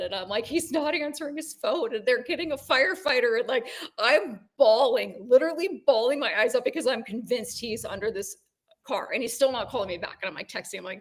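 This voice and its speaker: A woman in her forties, co-hosting a podcast, telling a personal story in casual chat with animated ups and downs. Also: on the high side, fairly quick. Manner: animated storytelling, rising when excited. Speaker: podcast co-host.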